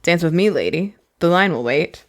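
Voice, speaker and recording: A woman reading a novel aloud, voicing a polite young male prince in a lowered, measured voice. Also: lively intonation. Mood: courteous.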